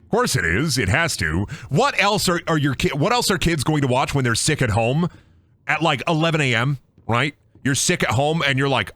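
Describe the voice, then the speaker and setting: A man's voice: medium pitch, moderate pace, dry recording. A young man rambling and joking as he streams a game. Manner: rambling, jokey, animated. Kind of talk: casual let's-play commentary.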